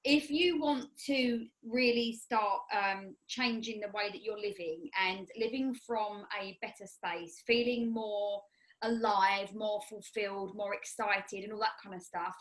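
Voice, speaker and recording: A woman's voice: mid-range voice, a little slow, rough recording. A woman with an English accent, co-hosting a podcast as a life coach, talking in a rambling, chatty way with frequent restarts. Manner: rambling, self-correcting, chatty. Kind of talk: casual chat.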